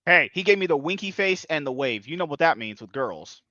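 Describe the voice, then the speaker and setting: A man's voice: a little high, lively intonation, fairly quick, pushed and bright, dry recording, dull audio. A man hosting a podcast in casual chat, rambling and provocative, often breaking into laughter. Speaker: podcast host.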